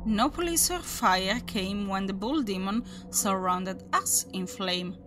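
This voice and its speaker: A woman voicing a calm, mysterious demon hunter. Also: medium pitch, slow, over music. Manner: calm, polite, matter-of-fact.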